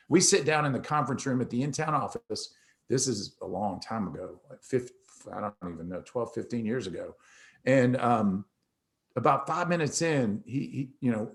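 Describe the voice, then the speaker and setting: A middle-aged man hosting a talk, telling a personal story in a casual, conversational way and acting out the dialogue. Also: mid-range voice. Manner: animated storyteller who acts out dialogue. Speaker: host.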